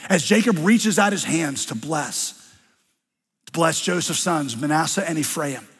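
A man's voice: a little high, animated, a little slow, fairly bright tone, breathy edge. A male pastor preaching a sermon, wry and conversational as he retells scripture. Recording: long hall reverb.

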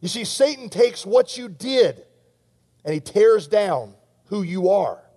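Pastor guy giving a sermon, kinda high voice, asks the crowd stuff a lot, big echoey hall. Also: animated, slow, dark tone. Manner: earnest, direct address with rhetorical questions.

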